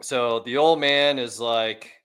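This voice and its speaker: A man's voice: medium pitch, fairly even intonation, slow, fairly bright tone, smooth. A man co-hosting a car podcast, chatting casually in a rambling, laid-back way with swearing. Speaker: podcast co-host, shop owner. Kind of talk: casual chat.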